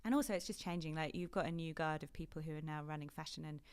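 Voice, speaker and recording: A British woman in her thirties talks in a low, deep register as a podcast guest. She is chatty and animated and often laughs as she talks. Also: fast talker, clear, resonant tone. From Britain. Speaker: podcast guest, fashion journalist. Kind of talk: casual interview chat.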